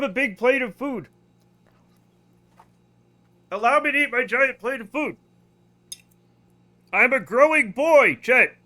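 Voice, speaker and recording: A man live-streaming a game, chatting loosely and rambling to his viewers. His voice sits high and bright, with plenty of asides and restarts. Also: expressive, slow pace, long pauses. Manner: rambling, talks straight to chat.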